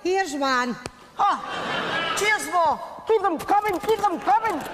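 A woman's voice: very high voice, animated, slow, a bit bright, a faint crowd, exaggerated voice. A woman with a Scottish accent playing a wry, weary wife and mother in a live stage comedy. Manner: wry and chatty. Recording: noisy theatre recording.

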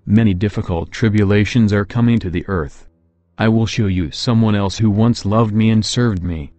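A man voicing the Lord as a solemn, tender divine figure who speaks in slow, grave pronouncements. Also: on the low side, darkish tone, no room sound, lightly acted.

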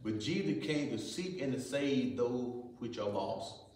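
A man's voice: mid-range voice, lively intonation, measured pace, darkish tone. A man teaching a Sunday school lesson in folksy preaching style, asking the class rhetorical questions. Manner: folksy preaching, Southern Black church vernacular. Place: church sanctuary. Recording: echoey church hall, mic far off.

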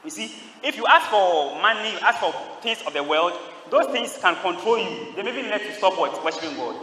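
A male priest preaches to a crowd of young people, throwing questions at them and waiting for their replies. His voice sits a little high and rings out bright and forceful. The sound comes from well back in a big, echoing church with a long reverb tail. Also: expressive, brisk, a little hiss or hum. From Ghana. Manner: call-and-response preaching, quizzing the congregation. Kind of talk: homily at a youth Mass. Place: large church. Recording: echoey church heard from a distance.

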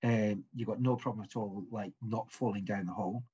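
A man narrating as game master of a tabletop game, halting, with many fillers and restarts. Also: fairly low pitch, steady tone, mellow, slightly rough, lo-fi sound.

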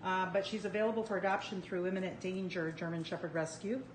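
A woman's voice: lowish voice, fairly even intonation, fast talker, noisy background. A woman volunteering with a dog rescue, talking casually and affectionately to camera, rambling with fillers. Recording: echoey room.

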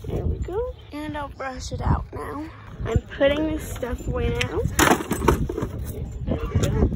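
A woman's voice: high voice, expressive, a little slow. A woman filming a casual farm vlog outdoors on a phone, chatting and talking to her animals while she works. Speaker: farm vlogger. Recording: loud outdoor farm noise. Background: chickens, ducks and farm animal noises.

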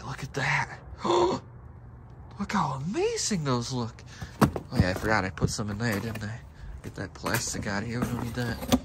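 Guy doing a dumpster dive vlog, super animated voice, sometimes half whispering, loud noisy outdoor background. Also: medium pitch. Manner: animated, exclaiming often, breaks into laughs. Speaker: dumpster diving vlogger. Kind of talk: excited casual narration to camera. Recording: loud background noise and clattering.

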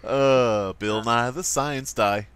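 A man's voice: medium pitch, takes it slowly, fairly bright tone, clean tone, dry recording. A man commenting on a game in casual chat, teasing his co-host and riffing on jokes.

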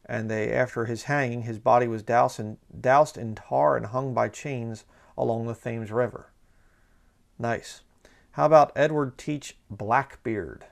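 A man's voice: mid-range voice, measured pace, creaky. A man, a pastor, giving a sarcastic, conversational commentary like a sermon and reading passages aloud.

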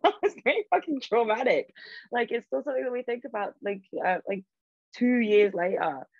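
A woman's voice: a little high, a little fast, vocal fry, dry recording. A woman guest speaker telling a story in casual talk, full of fillers and swearing, on a video call. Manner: chatty, many fillers, swears freely. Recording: dull lo-fi call audio.

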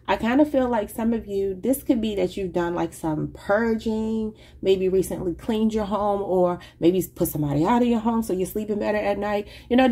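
A woman's voice: medium pitch, dark tone. A woman giving a casual tarot reading, rambling and thinking aloud in an informal, chatty way. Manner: informal, says y'all. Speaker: tarot reader.

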